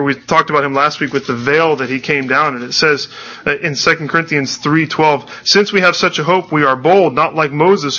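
A man delivers an earnest sermon in a conversational way, repeating words as he restarts his thoughts. His voice is bright and forceful and sits a little high. The recording is dull and lo-fi. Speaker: pastor.

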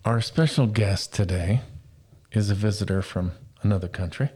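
A man's voice: fairly low pitch, normal speed, darkish tone, slightly rough. A man hosting a podcast in a casual, joking, rambling chat. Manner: jokey, upbeat, rambling. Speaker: podcast host.

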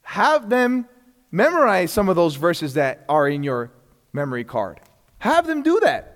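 A man's voice: high-pitched, very animated, a little slow, in a large hall. A man teaching a church class in a casual, earnest way, asking rhetorical questions and chuckling between points.

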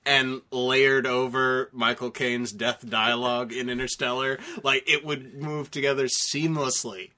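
Bright-voiced, wry male podcast co-host. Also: medium pitch, flat delivery, measured pace, hardly any pauses. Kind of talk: casual film chat.

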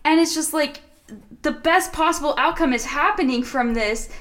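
A young woman with a high voice joins a Bible study conversation as a guest. She talks in a lively, chatty way, peppering her sentences with "like" and playfully acting out the people in the story. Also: moderate pace. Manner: lively, heavy use of "like", voices God and Jonah playfully. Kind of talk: casual Bible study discussion.

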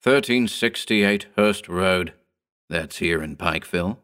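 A man's voice: sits low, unhurried, clean tone. A man voicing a frantic, panicked shopkeeper. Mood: shaken, pleading. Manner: frantic, pleading, shouting. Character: panicked middle-aged male TV shop owner.

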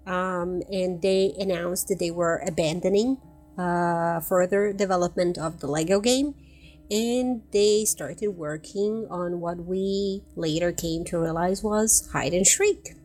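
A woman's voice: fairly low pitch, fairly even intonation, slow pace, a little mellow, soft background music. A woman hosting a casual podcast chat, chatty and often laughing between points. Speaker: podcast host.

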